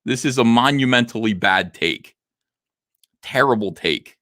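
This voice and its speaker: A man's voice: mid-range voice, animated, measured pace, a bit bright. A middle-aged man with a New Jersey accent, hosting a livestream and reacting to a video with sarcastic, heated, defensive commentary.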